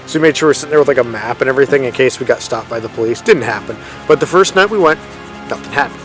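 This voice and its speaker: A man's voice: medium pitch, very fast, music in the background. A man in his thirties telling a ghost story in a casual, rambling way outdoors in a forest, often correcting himself and using lots of fillers. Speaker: paranormal storyteller vlogger.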